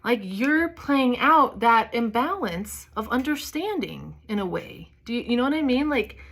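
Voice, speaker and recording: A woman with a fairly high voice, giving a tarot reading in a loose, chatty way. She speaks candidly, drops curse words freely and fills her talk with casual asides. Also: fairly bright tone. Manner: chatty, candid, swears freely, many fillers. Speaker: tarot reader. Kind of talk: casual spiritual reading monologue.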